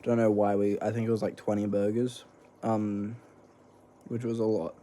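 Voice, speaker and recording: A man's voice: lowish voice, flat delivery, moderate pace, warm tone, slight background noise. A young man, chatting casually in a rambling, slangy vlog while snacking, swearing freely. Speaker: vlogger. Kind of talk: casual eating vlog chat.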